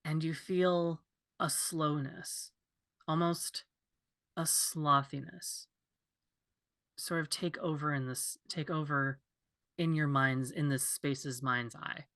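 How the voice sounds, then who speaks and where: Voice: mid-range voice, fairly even intonation, slow, long pauses, fairly bright tone. A game master narrating a tabletop role-playing scene with loose, hesitant description.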